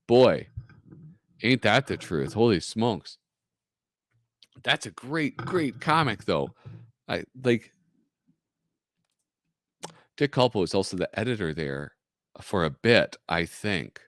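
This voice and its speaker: A man hosting a live stream, reading comics aloud in an animated, joking way and laughing often. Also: lowish voice, unhurried, pauses often, dry recording, studio quality. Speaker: host.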